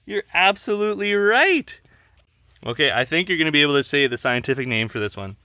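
A woman's voice: low-pitched, very animated, fairly quick, bright, forceful tone, no echo, studio quality. A woman hosting a casual podcast chat with a child, speaking in a patient, coaxing, teacherly way into a desk microphone. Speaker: podcast host.

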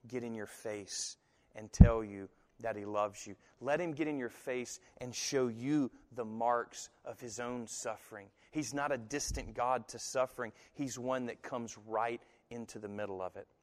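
A man preaching a sermon who tells stories in an animated way and slips into other people's voices when he quotes them. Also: medium pitch, unhurried, big-room sound. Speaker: pastor.

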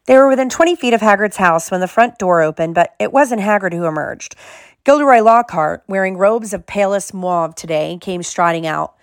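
A woman reading a novel aloud in measured scripted narration, close to the mic. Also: mid-range voice, no room sound. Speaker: audiobook reader.

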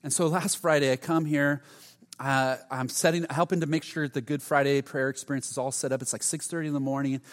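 A middle-aged male pastor preaching a sermon, telling stories with sudden loud outbursts. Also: fairly high pitch, steady tone, a little fast. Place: church sanctuary. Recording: long hall reverb.

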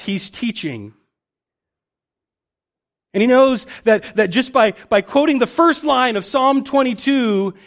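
A male pastor giving a conversational sermon, often restarting and repeating words as he thinks aloud. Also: very high-pitched.

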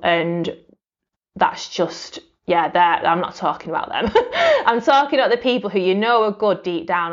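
A woman's voice: on the low side, lo-fi sound. A woman hosting a solo podcast, talking reflectively and conversationally with lots of fillers and restarts. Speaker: podcast host.

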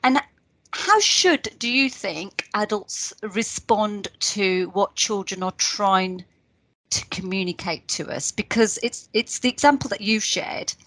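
A woman's voice: medium pitch, animated, takes it slowly, a bit bright, no room sound. Dry-sounding woman interviewer. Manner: hesitant, many fillers when asking. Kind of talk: interview questions.

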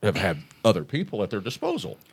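Husky lively man interviewing. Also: lowish voice, quick pace, no echo. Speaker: podcast host. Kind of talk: casual interview chat.

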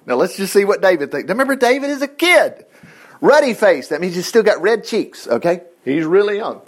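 A middle-aged man preaching, animated and chatty, acting out Bible characters in voices. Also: high voice, a little fast. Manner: animated, acts out lines in character voices, chuckles. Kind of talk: sermon retelling a Bible story.

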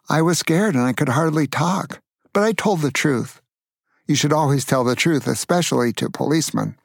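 A man's voice: a little high, lively intonation, unhurried, creaky, dry recording, studio quality. An older man from Tacoma, Washington, telling a family story to grandchildren in a playful way, asking the listener questions. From Tacoma, Washington, USA.

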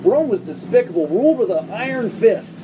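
A male pastor preaching a sermon to his congregation in a church, speaking in a conversational way with quick asides and humor. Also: high voice, big pitch swings, distant mic, background noise. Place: church service before a congregation.

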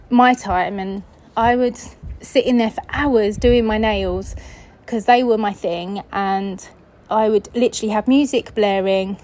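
A woman's voice: mid-range voice, darkish tone, poor audio. A woman from England hosting a podcast, telling a personal story in a chatty, casual way, acting out the voices she quotes. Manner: chatty, acts out quoted voices, laughs often. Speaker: podcast host.

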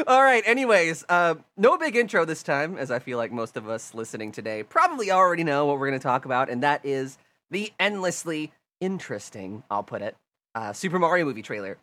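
A chatty podcast host with an animated, up-and-down voice. The host laughs often and keeps things loose while introducing guests and asking questions. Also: mid-range voice, a little fast. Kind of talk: casual podcast hosting.

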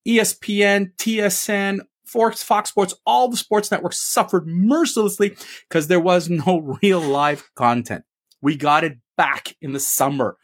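A man's voice: high voice, a little slow. A man co-hosting a sports opinion show, giving an emphatic rant full of rhetorical questions. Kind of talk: ranting opinion commentary.

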